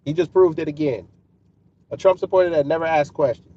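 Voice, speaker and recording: Ny guy roasting his chat, mocking and calm-menacing, kinda high voice, far off a dull mic. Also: brisk. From New York City. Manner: taunting, mocking, calmly menacing. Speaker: livestream host answering chat. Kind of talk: casual live-stream roasting. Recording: distant, dull lo-fi mic with clear background noise.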